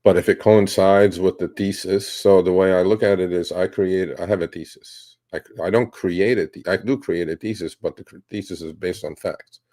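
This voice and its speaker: A middle-aged man talking casually about his trades, blunt and animated, cursing now and then. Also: low voice, normal speed, hardly any pauses. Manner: blunt, animated, swears and laughs. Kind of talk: casual talk answering a question.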